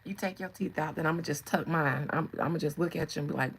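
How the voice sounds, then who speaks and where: A woman's voice: deep voice, quick pace, breathy edge, rough recording. A woman doing a tarot reading. She jokes and laughs often and sometimes drops to a whisper. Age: 40s. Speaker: tarot reader. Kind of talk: casual spiritual reading and storytelling.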